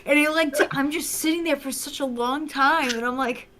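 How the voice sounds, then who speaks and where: A woman who makes videos, a podcast guest telling animated stories in casual chat and laughing often. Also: high voice, moderate pace, noisy background.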